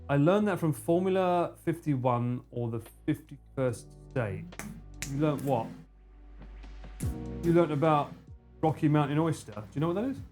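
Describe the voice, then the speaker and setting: A young English man with an Essex accent talks casually on a live stream, animated, with plenty of slang and swearing. Soft music plays faintly behind him. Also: mid-range voice. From England. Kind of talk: casual chat with a co-host and live chat.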